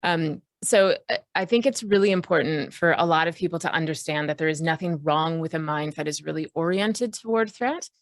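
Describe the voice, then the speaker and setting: A woman's voice: deep voice, fairly quick, dry recording, clean studio sound. A woman coach giving a conversational online talk to a group, full of fillers and self-corrections.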